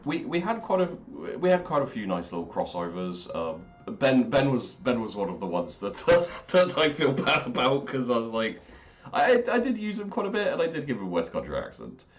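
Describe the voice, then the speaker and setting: A man's voice: mid-range voice, wildly swooping pitch, moderate pace, soft background music. A man who ran the game, chatting casually in an aftershow with lots of fillers and restarts. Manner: rambling, with many fillers and restarts. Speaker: game master.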